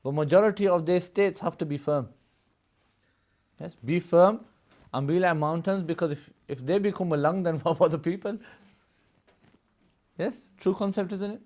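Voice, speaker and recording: Man, classroom teacher, slightly high voice, explanatory, laughs between points, keeps asking "yes?". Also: normal speed, long pauses, a little mellow. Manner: laughs often mid-explanation. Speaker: religious studies teacher. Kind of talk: live classroom lesson.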